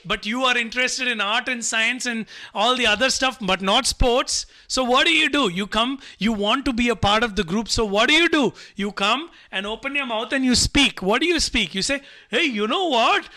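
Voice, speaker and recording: A man's voice: very high-pitched, moderate pace, hardly any pauses, pushed and bright. A man giving a live online motivational talk to students, repeating himself and coaxing the audience to type replies. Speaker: motivational speaker.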